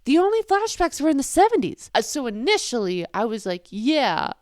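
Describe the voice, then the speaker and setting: A young woman hosting a reaction video, talking casually and excitedly, swinging from loud outbursts to quiet asides. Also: sits high, moderate pace, dry recording, studio quality.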